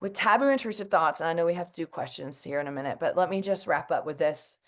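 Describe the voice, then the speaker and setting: A woman's voice: lowish voice, animated, quick pace, fairly bright tone. Woman in her 40s, emotional and teary, earnest advocate talking to a crowd, lots of "like" and "you know". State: emotional, close to tears. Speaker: mental health advocate. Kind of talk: heartfelt personal talk to an audience.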